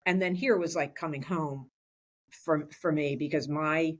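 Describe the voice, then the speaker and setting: A woman's voice: deep voice, steady tone, measured pace. A woman in her sixties, a school superintendent, talking in a chatty way with many restarts in a podcast interview. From Philadelphia area, USA.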